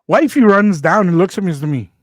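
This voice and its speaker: A man telling a personal story in casual chat, animated and acting out what people said. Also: high voice, fast talker, no echo. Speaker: radio show host.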